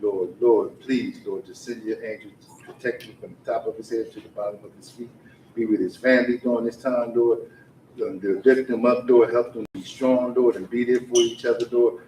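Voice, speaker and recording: A man's voice: mid-range voice, fairly even intonation, normal speed, warm tone. A man leading a fervent spoken prayer at a community forum, repeating "Lord" between phrases. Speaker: faith leader leading prayer. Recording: echoey room, far from mic, faint noise.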